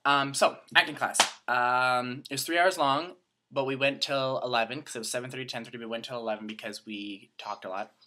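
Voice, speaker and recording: Young Canadian guy vlogging, chatty and rambling, bright tense tone. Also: mid-range voice, fairly even intonation, brisk. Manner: chatty, rambling, self-mocking. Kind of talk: casual chat to camera.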